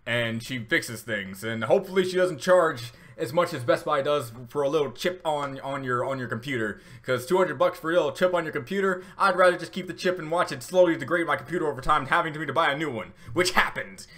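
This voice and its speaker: A man's voice: on the high side, a little fast, few pauses, a bit bright. A man hosting a casual reaction video, rambling with many fillers and restarts, and getting emotional at times. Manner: emotional, laughing through tears.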